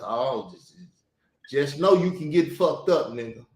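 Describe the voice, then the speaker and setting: A man's voice: medium pitch, moderate pace, reverberant. A man talking bluntly and heatedly in a casual chat, swearing often and stressing his words. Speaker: show host.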